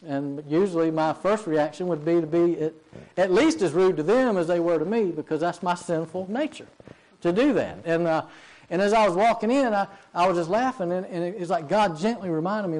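Man preacher, folksy storyteller, a touch high, chatty sermon. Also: a little mellow, rough recording. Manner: folksy, with frequent fillers and repeats.

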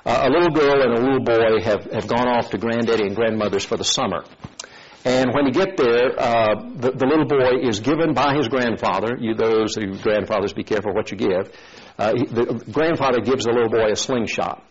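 A man delivers a sermon, weaving in a story and putting on the characters' voices with animated energy. His voice is slightly husky, at a middling pitch. The recording sounds dull and lo-fi. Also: fairly quick. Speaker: preacher.

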